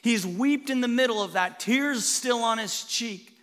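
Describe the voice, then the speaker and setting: A man preaching a sermon as a pastor, telling the story in an animated way that moves between hushed and loud. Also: extremely high pitch, a little slow, long reverb tail.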